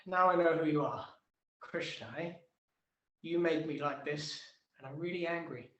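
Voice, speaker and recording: A man giving voice to an ancient, bitter tree that has stayed silent for decades and now bursts out in high, sharp shouts and sobs. It rants at God in indignant, grumbling complaints. The sound carries the echo of a room over a video call. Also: moderate pace, muffled recording, a little hiss or hum, close to an everyday voice. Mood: angry ranting. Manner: wailing, shouting, sobbing outbursts. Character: furious old male tree, bitter and grumbling.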